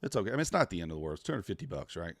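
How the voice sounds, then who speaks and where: A man's voice: deep voice, big pitch swings, racing, dry recording. A man trading futures live on a stream, talking to himself and to the chat, groaning at each loss and muttering over the charts. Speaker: live-streaming day trader.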